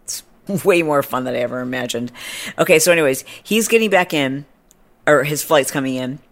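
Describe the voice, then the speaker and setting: A woman's voice: deep voice, a little fast. Chatty, snarky woman podcast host. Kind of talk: casual storytelling chat.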